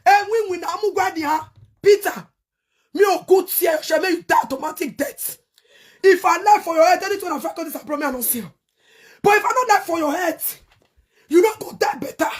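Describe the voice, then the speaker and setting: A middle-aged Nigerian woman hosting her online show, angrily cursing and shouting in bursts as she rants to her viewers. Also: very high voice, expressive, brisk. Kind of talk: heated rant to viewers.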